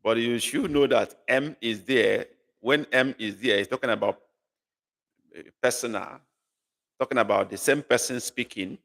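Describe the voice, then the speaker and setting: A man's voice: medium pitch, moderate pace, fairly bright tone. A man teaching a live online language class, patiently repeating phrases and coaxing learners to guess. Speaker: language tutor. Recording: long reverb.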